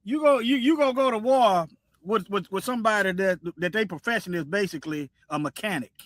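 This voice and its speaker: Brief: male stream host, preachy and repetitive, sharp high voice. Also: a little fast, no echo, studio quality. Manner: preachy, repeats himself, animated. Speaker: livestream host. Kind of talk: casual commentary livestream.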